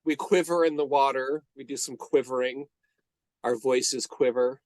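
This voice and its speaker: A man's voice: medium pitch, steady tone, normal speed, a little mellow, slight background noise. A man co-hosting a podcast, chatting casually about a movie, rambling with restarts and frequent laughs. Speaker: podcast co-host.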